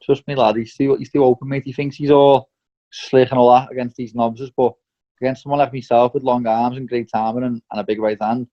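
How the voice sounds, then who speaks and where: Speaking a little fast in a mellow, medium-pitched voice with a flat delivery, a young professional boxer is interviewed candidly. He's blunt, swears plenty, and keeps saying "mate" and "lad." The sound is slightly dull and low-fidelity.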